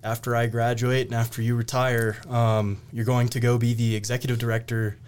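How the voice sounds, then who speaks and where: A man's voice: medium pitch, flat delivery, brisk, smooth. A young man, a cadet hosting a podcast, asking interview questions in a casual, hesitant way. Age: young adult.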